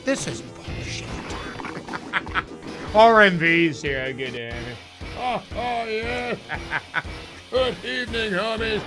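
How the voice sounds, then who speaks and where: Slow, jokey game streamer. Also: male voice, fairly high pitch. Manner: jokey, chuckles often, drops into comic voices. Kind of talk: casual live-stream commentary over gameplay. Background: game music.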